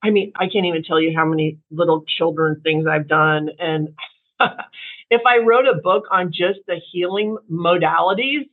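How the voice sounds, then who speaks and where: This middle-aged interview guest from the Kansas City area speaks with a fairly low pitch at a moderate pace. She narrates her story casually and animatedly, packing in fillers and acting out quoted voices, while the line sounds tinny with faint music.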